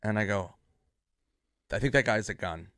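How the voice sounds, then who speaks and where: Comedian guy rambling thru a story, bright tone, dry close sound, swears a lot. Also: fairly low pitch, normal speed, no room sound. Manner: loose, rambling, swears freely. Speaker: comedian guest. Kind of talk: casual anecdote telling.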